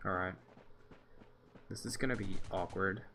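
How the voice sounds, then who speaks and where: A young man live-streaming a mobile game, chatting casually with slang and quick exclamations while reading his viewers' chat. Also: low voice, fairly even intonation, sharp tone, slight background noise. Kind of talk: live mobile gameplay commentary.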